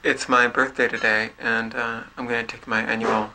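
Man, video diarist, mid pitch, halting and filler-heavy, gets loud and excited, noisy traffic and car background. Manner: halting, with many fillers and restarts; yelling excitedly while chasing birds. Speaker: diarist filming himself. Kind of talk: casual video diary. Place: home apartment, then a car.

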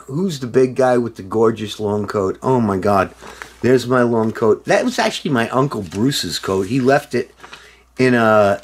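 A tipsy middle-aged man rambling excitedly in a casual video monologue, swearing and breaking into loud outbursts. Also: mid-range voice. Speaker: former band member showing a reissued album.

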